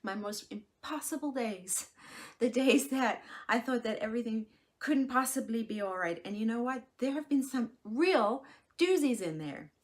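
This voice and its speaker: An expressive woman in her forties talks through a solo podcast episode. Her delivery is frank and reassuring, she slips into little acted-out voices of herself and others, and she drops to soft near-whispers at times. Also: a little high, normal speed. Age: 40s. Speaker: podcast host and life coach. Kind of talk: casual solo podcast talk.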